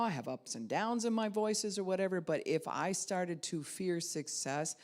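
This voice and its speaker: Speaking straight to her congregation, a female pastor preaches in a conversational style. When quoting thoughts, she dramatizes them by swinging her pitch and loudness.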